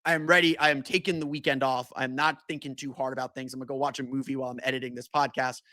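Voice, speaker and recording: A man's voice: mid-range voice, flat delivery, fast, bright, forceful tone, dry recording. A man hosting a solo sports podcast, talking casually with many restarts and fillers. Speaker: podcast host.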